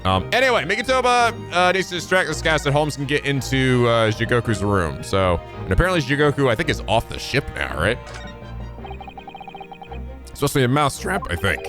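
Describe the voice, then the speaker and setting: A young man hosting a game playthrough, chatting casually in a rambling, energetic way, swearing now and then. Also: medium pitch, a little fast, music in the background. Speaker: let's play host. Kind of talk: casual gameplay commentary.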